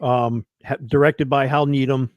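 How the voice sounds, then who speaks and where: A man's voice: medium pitch, level tone, normal speed, dry recording. A man co-hosting a casual podcast chat, swearing freely and reeling off film facts. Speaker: podcast co-host.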